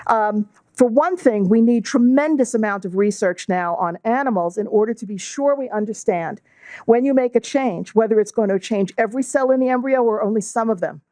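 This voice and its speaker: A middle-aged woman with a New York accent giving a measured, explanatory lecture as a guest speaker, using fillers now and then. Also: a little high, mellow, no echo. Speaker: guest speaker, law and bioethics professor. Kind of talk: lecture to a club audience.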